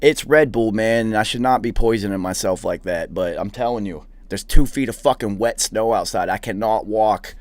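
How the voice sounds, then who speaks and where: A man's voice: on the low side, moderate pace, few pauses, no echo. A young man hosting a podcast, telling profane, rambling anecdotes in a casual chat. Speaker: podcast host. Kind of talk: casual storytelling.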